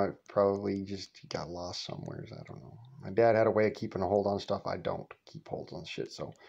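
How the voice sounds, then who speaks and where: A man's voice: on the low side, creaky, a little mellow. A man casually telling a personal anecdote, rambling and digressing with profanity and chuckles. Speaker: storyteller. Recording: muffled lo-fi recording.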